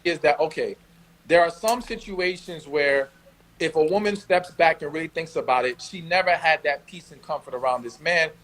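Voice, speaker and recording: High-pitched new york guy, blunt podcast advice, says it straight with slang. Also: normal speed, a bit bright, slight background noise, poor audio. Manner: blunt, emphatic, street slang. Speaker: podcast co-host. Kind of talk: casual advice chat.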